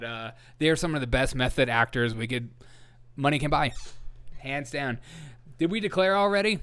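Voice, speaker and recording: A man hosting a satirical commentary show, sarcastic and quick to laugh at his own mocking asides. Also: mid-range voice, fairly bright tone, clear, resonant tone. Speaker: host.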